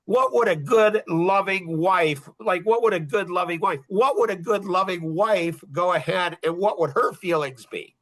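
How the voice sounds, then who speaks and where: Bright high-voiced blunt rambling man. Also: moderate pace, few pauses. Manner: rambling, blunt, repeats himself. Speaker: podcast host. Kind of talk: casual podcast talk.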